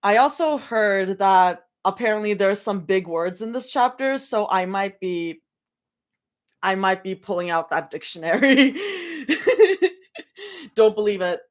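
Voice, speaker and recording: A young woman chatting casually on a livestream from her bedroom before reading fan fiction, rambling, giggling often and breaking into excited yelling. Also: mid-range voice, slow pace. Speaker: fanfic livestream reader.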